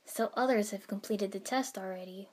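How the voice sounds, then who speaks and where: A lazy teenage boy ninja who drawls slowly and mumbles his complaints, as a woman reading a story puts him on. He sounds bored, a storybook character. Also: medium pitch, a little mellow, lightly acted.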